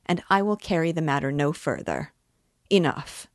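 A man's voice: on the high side, big pitch swings, moderate pace, dry recording, clean studio sound. A woman reading aloud as a pompous man who stammers, squeals and answers impudently when accused. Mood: self-righteous. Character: pompous, cornered middle-aged man, sneering.

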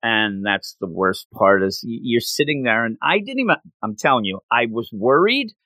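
A man's voice: mid-range voice, big pitch swings, normal speed, sharp tone, no echo. A man in casual chat, animatedly retelling a story and jumping his voice up when quoting characters.

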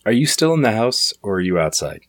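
A man running a tabletop game as game master, casual and relaxed. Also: lowish voice, a little fast, no echo, studio quality.

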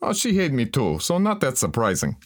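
A man's voice: medium pitch, huge pitch swings, fairly quick. An actor playing a brash man who speaks broken English, dropping articles, and insists on a swaggering Texan persona. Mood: insistent. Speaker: comedy sketch character. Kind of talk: comedic sketch acting.

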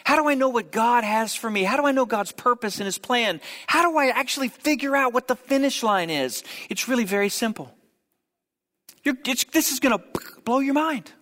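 A man preaching a sermon, telling a story with humorous asides and quick jokes. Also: very high-pitched, animated, fairly bright tone, in a large hall. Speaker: pastor.

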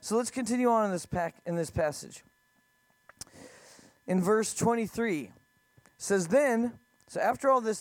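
A man's voice: high-pitched, fairly even intonation, normal speed, clean tone, dry recording. A man preaching a sermon in a conversational way, asking his listeners questions as he goes. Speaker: pastor.

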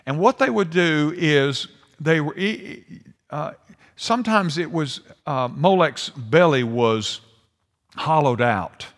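An older man preaching a sermon, swinging between hushed and emphatic delivery. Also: on the high side, lively intonation, slow. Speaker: pastor. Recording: long hall reverb.

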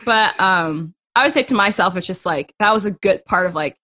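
A woman's voice: lowish voice, moderate pace. A young adult woman, a masters swimmer guest, telling a story in a casual interview and acting out the quotes. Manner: animated storyteller, acts out quotes.

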